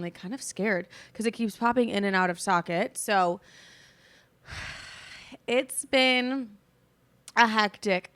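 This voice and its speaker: A young podcast host talks around a sore jaw as she delivers a rambling, casual rant full of fillers and free swearing. Her voice is smooth and a bit bright, sitting on the low side.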